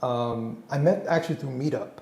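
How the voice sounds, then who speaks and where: Gravelly man host in an echoey room. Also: mid-range voice, moderate pace. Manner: relaxed, laughing along, brief agreeing replies. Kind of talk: casual interview chat. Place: home, at a lunch table.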